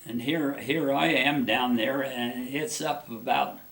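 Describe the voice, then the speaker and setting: A man's voice: medium pitch, slow, a bit bright, a little hiss or hum. A man being interviewed, telling a personal story in a rambling, folksy way with many restarts.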